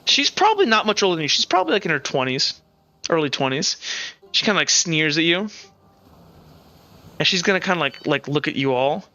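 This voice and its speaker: Brief: loose, chatty game master narrating a live-streamed tabletop game, bright tone, slightly dull audio. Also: mid-range voice, expressive, fairly quick, long pauses. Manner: rambling, lots of "kinda" and "like".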